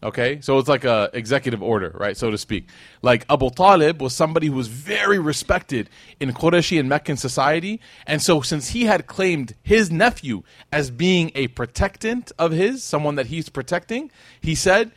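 A man teaching a casual, storytelling religious lesson, animated and joking with his audience, with short stretches of Arabic recitation. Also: a little high, moderate pace, dry recording. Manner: animated, conversational, jokes with the audience. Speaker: Islamic teacher.

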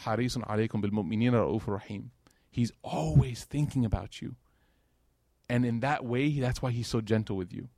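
A man's voice: medium pitch, fairly quick, gravelly, dark tone, no room sound, studio quality. Man giving a casual, joking sermon. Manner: conversational, with joking asides. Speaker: speaker at a religious gathering. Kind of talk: informal sermon.

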